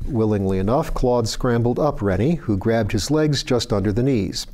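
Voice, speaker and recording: A man hosting a book reading, narrating fiction in a steady, even storytelling voice. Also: medium pitch, normal speed, hardly any pauses. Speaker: reader.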